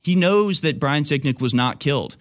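A man's voice: a little high, expressive, moderate pace. A man hosting a political talk show, delivering indignant, sarcastic commentary.

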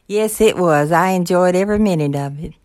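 Older lady, low-ish voice, soft and agreeable, dry close sound. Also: brisk, no room sound. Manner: gentle, agreeable, warm recollection. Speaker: mother of the host. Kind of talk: casual conversation.

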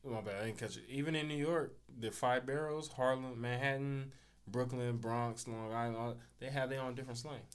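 A man's voice: medium pitch, steady tone, moderate pace, smooth. Laid-back man from Southern California. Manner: laid-back storytelling, acts out quotes in raised voices. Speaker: podcast host. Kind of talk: casual chat.

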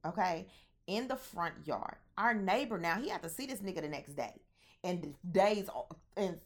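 Low-sitting and creaky with a breathy edge, the voice belongs to a young woman vlogging a personal story. Her accent combines Southern and Midwestern American, and she's candid, animated, and profane, talking straight to her viewers.

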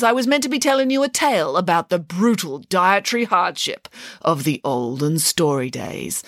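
A woman's voice: lowish voice, a bit bright, no echo, studio quality. A woman voicing a grand, self-assured female pig nanny with pompous, theatrical declaiming.

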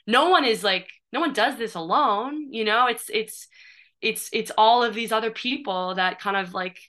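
A woman's voice: on the high side, normal speed, a bit bright. A woman in her thirties, a playwright and performer, chatting in an interview with lots of fillers and restarts. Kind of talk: casual interview chat.

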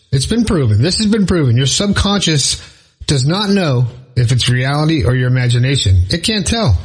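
Speaking directly to his viewers, a motivational vlogger delivers a casual, earnest monologue of encouragement in a medium-pitched voice with a breathy edge. He repeats points for emphasis and occasionally jokes with himself, and the recording is rough.

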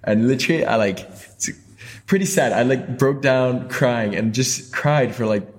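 A young man from Hong Kong, a guest on an interview, recounting his story in a casual, animated way full of "like" and "you know". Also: medium pitch, moderate pace. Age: young adult. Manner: animated, filler-heavy, lots of "like" and "you know". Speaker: guest, Olympic skier.

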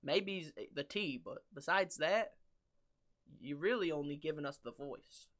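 Bright-voiced young American man joking. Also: on the high side, animated, unhurried. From United States. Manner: loud joking banter, mock British voices. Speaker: podcast co-host. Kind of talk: casual podcast chat.

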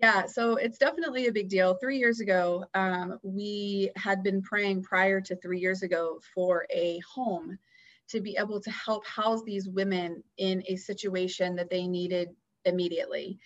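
A woman guest on a podcast, telling a personal story in an earnest, animated way. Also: mid-range voice, measured pace, lo-fi sound. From Houston area, US. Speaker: guest, founder of a nonprofit.

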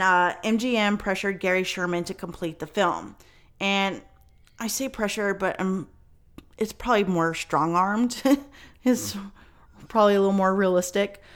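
A woman's voice: medium pitch, fairly bright tone, smooth. A woman hosting a podcast, telling a story in casual chat with lots of fillers and some swearing. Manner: chatty, many fillers, swears. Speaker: podcast host.

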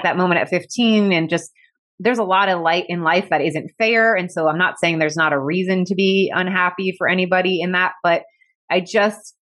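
A woman's voice: on the low side, fairly bright tone. A woman telling a personal story as an interview guest, candid and reflective, with many "like" fillers and an emotional edge. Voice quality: emotional, close to tears at times. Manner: candid and reflective, heavy use of "like". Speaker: podcast guest.

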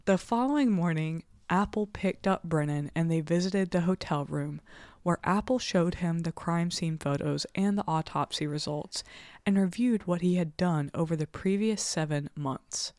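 A woman's voice: fairly low pitch, normal speed, a little mellow, no room sound, studio quality. A woman co-hosting a podcast, chatting frankly and reading an account aloud. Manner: chatty, frank, swears casually. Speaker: podcast co-host. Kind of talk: casual chat and reading aloud.

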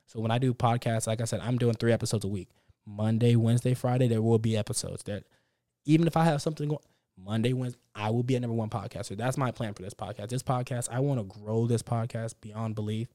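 Medium in pitch and mellow in tone, a young podcast host's voice moves at a quick pace with no echo around it. Alone at a close mic, he gives a casual, unscripted pep talk that's upbeat and repeats itself, spoken straight from the heart.

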